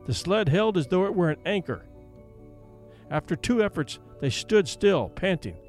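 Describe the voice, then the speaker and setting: A man narrating a classic novel aloud with expressive storytelling. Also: on the high side. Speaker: audiobook narrator. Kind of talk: scripted narration.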